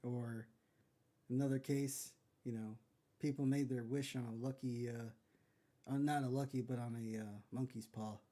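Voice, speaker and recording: A man hosting a casual podcast, talking in a halting way with lots of pauses and restarts. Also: mid-range voice, steady tone, dark tone. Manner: halting, many fillers and restarts. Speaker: podcast host.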